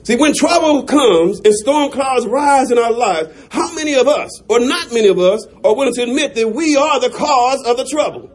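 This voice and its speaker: Pastor, male, very high voice, preaching with shouts and chuckles. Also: lively intonation, normal speed, hardly any pauses. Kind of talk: sermon.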